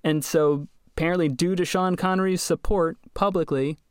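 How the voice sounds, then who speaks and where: A man hosting a podcast, telling a story in casual chat, wry and quick to laugh. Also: a little high, steady tone, clean tone, dry recording, studio quality. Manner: chatty, wry, laughs often. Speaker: podcast host.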